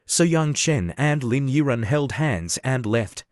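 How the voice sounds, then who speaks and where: A man narrating an animated story recap in a steady, scripted reading. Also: medium pitch, unhurried, no room sound, studio quality.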